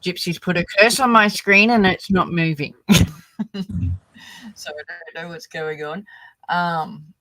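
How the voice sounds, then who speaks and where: A woman's voice: fairly low pitch, slow, long pauses, dry recording, poor audio. An older Australian woman hosting a livestream, chatting casually and rambling with fillers. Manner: relaxed, rambling, lots of fillers. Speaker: livestream host.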